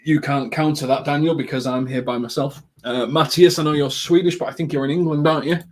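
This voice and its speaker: A man whose voice is on the high side hosts a live football watchalong, casually rambling to viewers. He says um a lot and breaks into quick, excited outbursts at the action.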